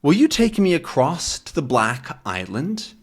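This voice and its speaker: A man's voice: fairly high pitch, huge pitch swings, a little slow, husky, voice pushed up, heavily acted. A man voicing a bold young reporter, eager and unafraid. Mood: polite. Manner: eager, fearless.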